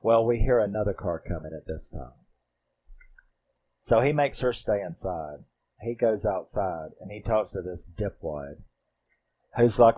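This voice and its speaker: A man's voice: lowish voice, lively intonation, measured pace, dark tone. A man casually retelling a movie plot, rambling and swearing, acting out the characters' lines. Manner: rambling, profane, acts out quotes. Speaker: movie reviewer.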